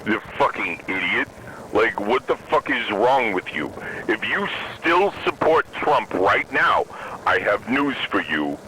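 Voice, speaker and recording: Slow, bright-voiced ranting man. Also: mid-range voice, a little hiss or hum, poor audio. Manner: angry, profane, emphatic. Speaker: podcast host. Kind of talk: profane political rant. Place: in a moving vehicle.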